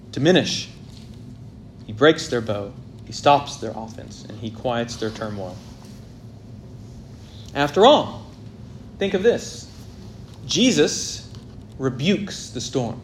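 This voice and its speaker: A man delivers a sermon in a middle-range voice, rising to loud, emphatic peaks before falling to a near hush. A faint hiss of background noise sits under the recording. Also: medium pitch, lively intonation, slow pace, long pauses. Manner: dynamic, swells loud and drops very soft. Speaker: preacher. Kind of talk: expository sermon.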